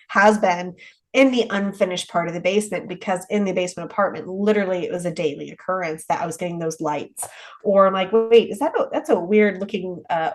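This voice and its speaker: Woman, middle-aged, podcast guest, casual rambling talk, frequent restarts, everyday mid-pitched voice. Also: rough recording. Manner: rambling, with many restarts and trailing clauses. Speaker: haunted rental owner, podcast guest. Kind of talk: casual interview chat.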